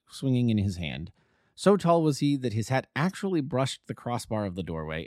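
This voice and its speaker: A man narrating a classic detective story aloud in a steady, descriptive way. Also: mid-range voice, dry recording, clean studio sound. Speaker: amateur audiobook narrator.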